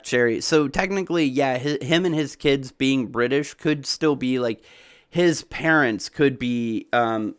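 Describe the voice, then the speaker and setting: Guy streaming, southern accent mostly neutralized, rambly and chatty, smooth voice, dry close sound. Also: no room sound. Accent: Southern US, softened toward neutral American. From Southern United States. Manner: rambling and animated, jumps in pitch when excited, many fillers. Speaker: streamer answering chat. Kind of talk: casual livestream chat.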